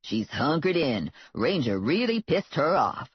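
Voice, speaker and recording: The narrator voicing a loud, sassy woman sidekick who talks in a brassy, bossy, slangy way. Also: medium pitch, very animated, unhurried, slightly rough, dry recording, full character voice. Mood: chatty. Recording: dull lo-fi, dry.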